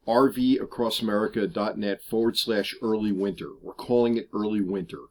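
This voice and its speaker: Outdoors at an RV park, a middle-aged man vlogs casually to the camera about his RV travels, chatty and explanatory with frequent fillers. His voice is fairly low in pitch with a darkish tone.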